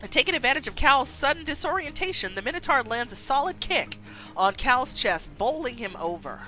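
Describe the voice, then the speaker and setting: Lively bright-voiced woman streamer. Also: high voice, fairly quick, soft background music. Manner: expressive, laughs between lines. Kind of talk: reading a story game aloud on stream.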